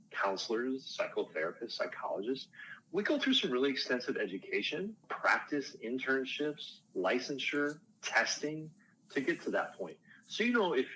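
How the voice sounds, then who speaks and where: Male counselor, low voice, relaxed explanatory interview answers, slight noise under the recording. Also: rough recording. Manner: explanatory, conversational, self-deprecating asides. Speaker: counselor and life coach. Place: outdoors on a porch.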